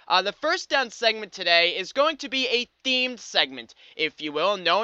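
Young man, podcast host, high bright voice, upbeat, slightly dull dry recording. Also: smooth, no room sound. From United States. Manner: upbeat, wry, lots of fillers. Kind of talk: scripted sports podcast monologue.

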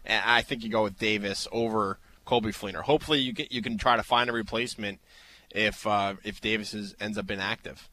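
A man hosting a fantasy football radio show, giving opinionated, animated takes in casual chat and often repeating his words. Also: on the low side, brisk. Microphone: headphones in a studio.

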